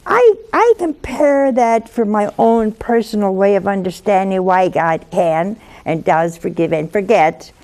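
A woman giving a Catholic homily, telling conversational stories with gentle humor. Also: medium pitch, lively intonation, measured pace, few pauses. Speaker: Catholic religious speaker. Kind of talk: homily with anecdotes.

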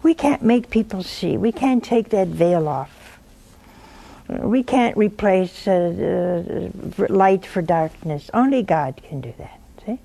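An older woman giving gentle pastoral advice, often pausing to ask "see?". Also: mid-range voice, animated, gravelly. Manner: gentle, unhurried, peppered with "see?". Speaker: religious advisor answering a viewer.

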